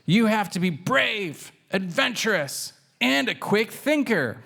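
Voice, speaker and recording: A man's voice: high-pitched, very animated, takes it slowly, vocal fry, pitched above the performer's own voice, heavily acted. A man doing a bold little girl kitten. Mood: eager. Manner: bright and confident.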